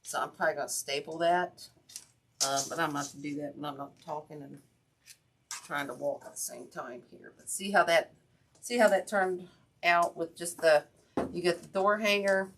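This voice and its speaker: A woman's voice: deep voice, fairly even intonation, normal speed, a little hiss or hum. A woman hosting a craft livestream, chatting casually and rambling as she works and talks to viewers. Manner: chatty, rambling, with self-talk and asides to viewers. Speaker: craft channel host.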